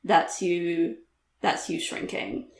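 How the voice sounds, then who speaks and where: A woman's voice: fairly low pitch, flat delivery, slow pace, vocal fry, reverberant. A woman guest author talking candidly in a podcast interview, laughing easily, with lots of "like" and "um".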